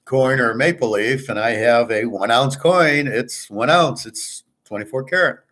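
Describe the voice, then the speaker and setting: A man talks in a loose, rambling monologue, blunt and boastful. He swears freely and acts out both sides of the conversations he retells. His voice sits at an ordinary middle pitch for a man. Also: unhurried, fairly bright tone. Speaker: host of a sports picks show.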